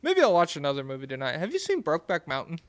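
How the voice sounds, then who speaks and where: Young male podcast co-host, rambling and laid-back, smooth voice, dry close-miked sound. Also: fairly high pitch, wildly swooping pitch, very fast, dry recording. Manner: rambling, laid-back, swears and giggles often. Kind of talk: casual chat.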